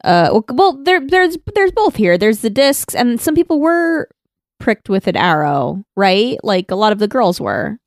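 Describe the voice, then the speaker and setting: A chatty woman co-hosting a casual chat, her speech full of fillers, restarts and easy laughter. Her voice sits at a middle pitch and is recorded close and dry, with no room sound. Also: very animated, a little slow, dry recording. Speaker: podcast co-host. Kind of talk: casual chat about an anime.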